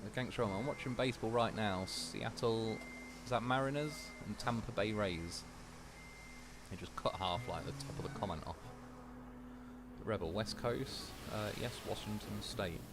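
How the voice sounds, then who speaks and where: A young man with a fairly low voice, talking casually and loosely during a game stream. He drifts from story to story, cursing freely and laughing along. A faint hum of vehicle sounds sits behind him. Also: normal speed. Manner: sweary, rambling, laughs through anecdotes. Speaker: livestreamer. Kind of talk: casual chat while gaming.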